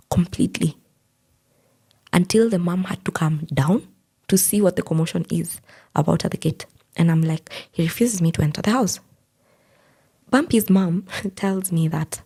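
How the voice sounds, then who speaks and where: A lowish, mellow, husky female voice belongs to a young woman recounting a painful personal experience in an interview. She tells it earnestly and quotes what others said to her along the way.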